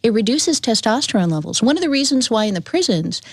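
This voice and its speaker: Woman, talk show guest, earnest, firm, fairly high voice, dry sound. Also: sing-song, quick pace, husky, dry recording.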